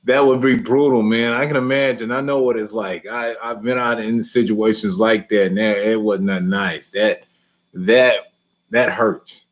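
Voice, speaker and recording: A man hosting a live lawn care question and answer stream, chatting easily, chuckling often and repeating himself. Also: medium pitch.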